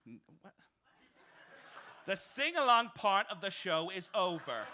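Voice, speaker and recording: Male cabaret comic, campy and theatrical, bright voice, unhurried delivery. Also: high voice, sing-song, a little hiss or hum. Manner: campy, theatrical, swings into shrieking outbursts. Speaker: comedy host. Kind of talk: stand-up comedy monologue. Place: small cabaret club with live audience.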